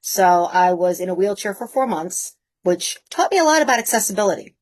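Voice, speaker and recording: A woman in her fifties, a guest telling lively personal anecdotes in a casual way, laughing often. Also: medium pitch, a little fast. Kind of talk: casual storytelling.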